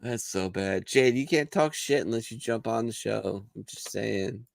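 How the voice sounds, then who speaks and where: Gravelly, profane male veteran host. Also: medium pitch, normal speed, no room sound. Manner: profane, storytelling, acts out quoted voices. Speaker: podcast host. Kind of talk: casual bar chat.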